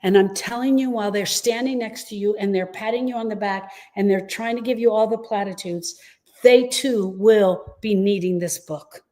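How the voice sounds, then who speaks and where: A middle-aged woman talks straight to grieving listeners, earnest and emphatic. She leans on repeated phrases to reassure them, and her pitch sits in the middle of the range. The delivery is a heartfelt live talk, not a polished script. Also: moderate pace, mellow. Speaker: grief coach and host.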